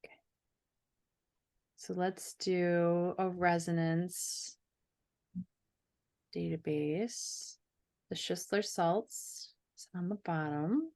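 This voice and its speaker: A woman hosting a casual chat who talks in a slow, measured, meditative way while running a guided scan. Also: lowish voice, steady tone, creaky, darkish tone. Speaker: host and energy coach.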